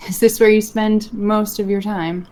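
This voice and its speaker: A woman's voice: mid-range voice, level tone, measured pace, close to an everyday voice. A woman playing a curious, wry adventurer. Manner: polite, probing, gently teasing.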